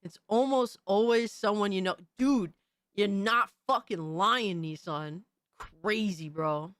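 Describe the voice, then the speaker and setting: A woman hosting a casual livestream, talking to her chat in a profane, animated, slangy way. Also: medium pitch, slow pace, dry recording. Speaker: livestream host reading chat.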